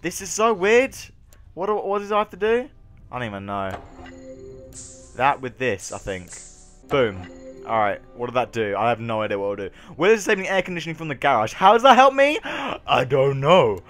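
A young man doing let's play commentary on a video game, excitable, dropping from low mutters to loud yells. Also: fairly quick, faint music behind. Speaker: gaming YouTuber.

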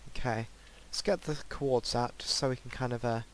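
A man commentating his own game play, breaking into excitable, panicky outbursts and repeated pleading. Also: mid-range voice, normal speed, slight background noise. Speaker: gaming channel host. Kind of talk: Minecraft let's play commentary.

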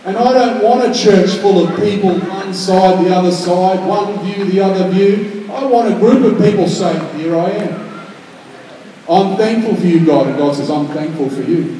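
A man preaching a conversational sermon, swinging between quiet, intimate lines and loud, emphatic ones. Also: sits high, moderate pace, a little hiss or hum. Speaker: pastor. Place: large church hall. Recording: echoey hall, from far off.

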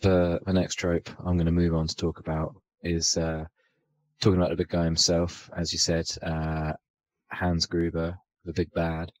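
A man's voice: low-pitched, monotone, normal speed, poor audio. A man co-hosting a podcast, talking through a film in a rambling, casual way full of fillers and self-corrections. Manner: rambling, filler-heavy, thinks aloud. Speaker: podcast co-host.

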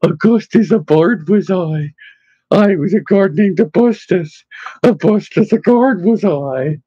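A man's voice: high-pitched, mellow, breathy edge, no echo. A man doing Augustus, sing-song ghost bard. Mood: chanting. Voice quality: sing-songy. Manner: slow, chanting delivery. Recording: dull lo-fi dry recording.

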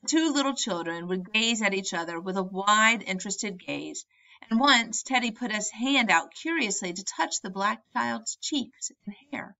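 A woman narrating a story as an audiobook, in a measured, expressive reading. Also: mid-range voice, creaky, muffled recording.

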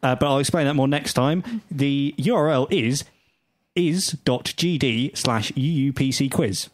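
A man's voice: mid-range voice, unhurried, no echo, studio quality. A man co-hosting a podcast in casual chat, reading out news items. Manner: chatty, reads out news items. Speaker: podcast co-host.

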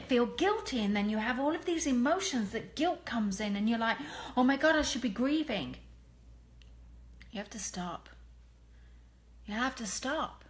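An English woman giving an earnest, emphatic live talk to fans, blunt and candid, with some mild swearing. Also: on the high side. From England. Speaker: medium and clairvoyant. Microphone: phone or webcam.

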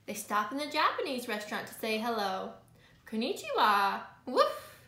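A woman teacher reading a picture book aloud to her students, speaking clearly, slowly and expressively. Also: on the high side, lively intonation, sharp tone. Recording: echoey room.

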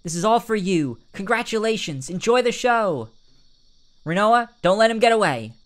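A man's voice: sing-song, moderate pace. A man voicing a bubbly, upbeat teenage girl in a raised, cheery tone. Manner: raised pitch, cheery reading.

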